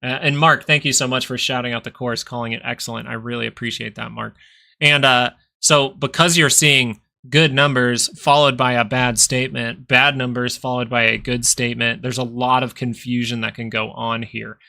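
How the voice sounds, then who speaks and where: A man's voice: mid-range voice, fairly even intonation, normal speed, creaky, pushed and bright. A man hosting a live stock market stream, talking casually and rambling as he thinks aloud over charts. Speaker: stock market livestream host.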